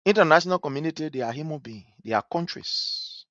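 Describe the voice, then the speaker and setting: A man's voice: fairly high pitch, lively intonation, fast talker, fairly bright tone, no room sound, highs cut off. A man with a Liberian English accent giving impassioned, scornful political commentary, repeating his points with fire. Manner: fiery, scornful, repetitive.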